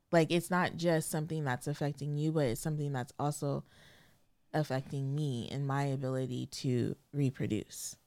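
A woman's voice: rumbling low, darkish tone, no echo. A young adult woman co-hosting a casual marriage podcast, talking emotionally and hesitantly, close to tears. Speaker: podcast co-host. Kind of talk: casual chat.

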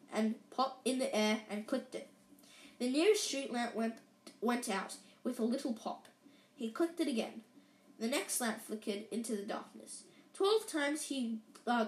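A woman reading a story aloud, with small slips and restarts. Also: fairly high pitch. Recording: roomy echo.

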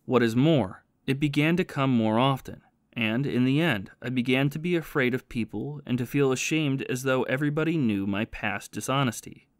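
Remorseful ex-soldier and thief confessing his past, read by a man, steady and plain, dry booth sound. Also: mid-range voice, normal speed, hardly any pauses, no echo, close to an everyday voice. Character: remorseful former soldier and thief, haunted by guilt.

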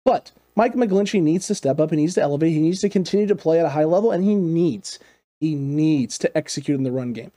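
A man hosting a casual football analysis show, talking in an animated way with repeated emphatic phrases. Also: a little high, a little fast. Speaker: sports show host.

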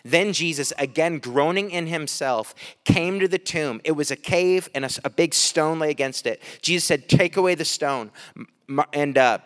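A man's voice: a little high, normal speed, a bit bright, in a large hall. A man preaching a sermon, reading scripture aloud and breaking off with light, chuckling asides to the congregation. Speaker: pastor.

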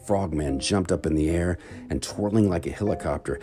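Deep-voiced man telling a bedtime story. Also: normal speed, faint music behind. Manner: expressive, dramatic read-aloud.

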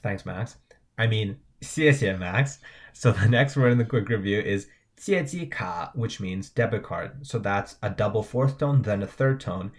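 A man's voice: on the low side, a little slow. A man co-hosting a language lesson podcast, chatting casually as he spells out pinyin letters and tones for learners. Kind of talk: casual teaching banter.

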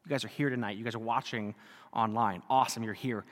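Casting: a joking, self-deprecating priest in his thirties, bright high voice, echoing church. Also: steady tone, fast. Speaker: Catholic priest. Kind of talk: sermon. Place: church before a live congregation. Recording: reverberant church hall.

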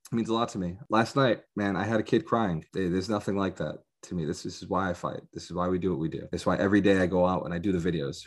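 Speaking fast with hardly any pauses, a man acting as a business coach fires up a live audience with a fervent motivational sales pitch. He rallies listeners by emphasizing points again and again.

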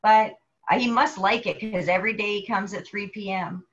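Animated storytelling woman, lo-fi sound. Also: mid-range voice, normal speed. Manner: animated storyteller, acts out quoted people. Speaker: podcast co-host. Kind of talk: casual faith chat. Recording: dull lo-fi sound.

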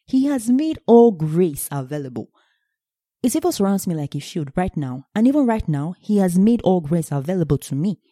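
Low, mellow woman preaching. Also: normal speed, no echo, clean studio sound. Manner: animated, asks the listeners questions and answers them. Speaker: Bible teacher. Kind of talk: teaching sermon.

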